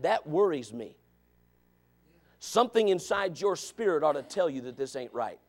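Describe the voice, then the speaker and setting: A man preaching a Sunday school sermon as a Baptist preacher, hammering points through repetition and building up to shouting. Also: a little high.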